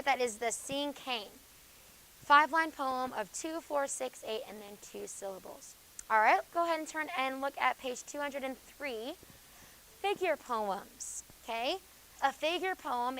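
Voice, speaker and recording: A woman teaching a high school class, her voice sitting a bit high. She walks through the material with plenty of ums and keeps checking in with a quick "okay?". Every so often she turns firm and tells students off. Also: fairly bright tone, poor audio. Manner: explains with frequent "okay?" checks and fillers, stern asides to students. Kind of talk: classroom lecture.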